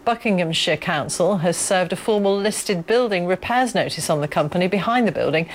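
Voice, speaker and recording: A woman presenting the news in a formal, even reading. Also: on the low side, a little fast, a little hiss or hum.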